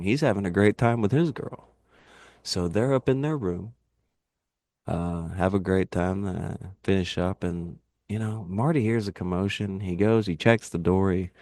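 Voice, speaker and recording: A man in casual podcast chat, telling animated, rambling wrestling anecdotes and laughing at his own jokes. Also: sits low, normal speed, no echo, studio quality. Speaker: podcast guest, wrestling YouTuber.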